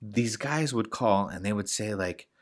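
A man's voice: fairly low pitch, a little slow. A man in casual podcast chat, telling rambling stories full of "like" and restarts, with the odd swear.

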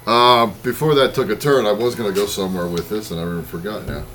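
Man, podcast co-host, very low voice, profane, rambling casual chat. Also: fast talker, fairly bright tone. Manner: rambling, profane, loses his train of thought.

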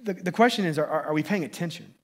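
Husky-voiced pastor, chatty and excitable. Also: male voice, fairly high pitch, quick pace. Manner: conversational, excitable, frequent restarts and "right?" tags. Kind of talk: sermon.

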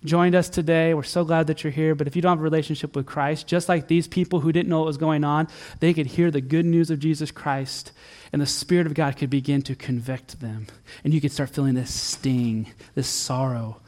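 High-voiced earnest man preaching. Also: steady tone, fairly quick, hardly any pauses. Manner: earnest, builds to emphatic peaks then drops soft and low. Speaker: pastor. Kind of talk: sermon. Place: church.

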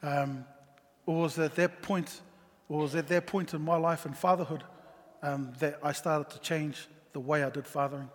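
A man's voice: a little high, fairly even intonation. Earnest father telling a story in a hall. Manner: halting, full of ums and restarts, earnest. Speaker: father sharing a personal story. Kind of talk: personal testimony talk.

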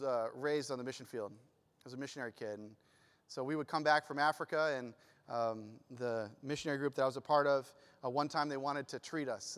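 A middle-aged man preaching to a church, telling a personal story with lively swings between quiet and loud. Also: mid-range voice, in a large hall. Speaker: pastor. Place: church sanctuary.

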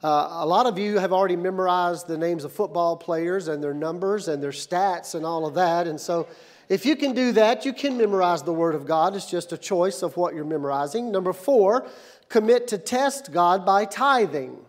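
In a church sanctuary, a male pastor whose voice sits very high for a man preaches at a moderate pace. He shifts from calm, steady teaching to shouted, energetic call-and-response with the congregation.

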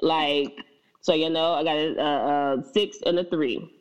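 Woman podcast co-host, low-ish voice, lively and chatty, dull lo-fi recording. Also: unhurried. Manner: animated storyteller, laughs often, mimics baby talk. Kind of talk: casual chat.

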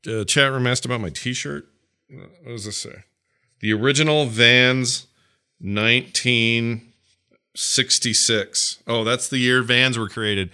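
A man's voice: mid-range voice, steady tone, unhurried, sharp tone, smooth, dry recording, clean studio sound. A middle-aged man co-hosting a podcast in casual chat, joking and rambling, with mock rants. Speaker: podcast co-host.

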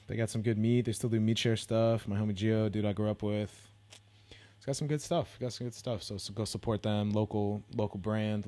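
Rambling, swearing podcast guy, lowish voice. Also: darkish tone. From San Francisco Bay Area. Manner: rambling, heavy swearing, self-deprecating, laid-back slang. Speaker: podcast host. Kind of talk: casual solo podcast rambling.

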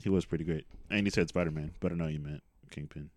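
A man co-hosting a casual podcast chat about a TV show, relaxed and laughing often. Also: a bass voice, fast, dry recording. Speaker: podcast co-host.

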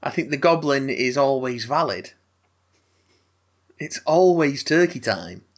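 A man co-hosting a casual podcast, telling rambling, animated stories that often restart. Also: mid-range voice, a little slow. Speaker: podcast co-host. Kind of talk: casual chat.

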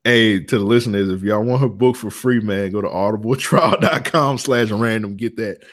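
A man's voice: lowish voice, moderate pace. A man co-hosting a podcast, telling loose slangy stories and laughing often between lines. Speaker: podcast co-host. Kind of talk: casual podcast banter.

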